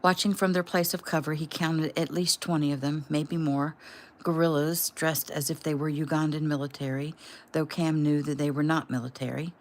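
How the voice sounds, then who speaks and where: Low-voiced woman reading her novel. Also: fairly even intonation. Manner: plain, unhurried reading. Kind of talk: casual audiobook reading. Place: home room.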